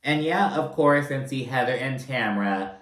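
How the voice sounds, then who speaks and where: A man's voice: medium pitch, moderate pace, a bit bright, roomy sound, low-quality recording. Sarcastic, profane man recapping TV. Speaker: reality TV recap commentator. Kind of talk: casual recap commentary.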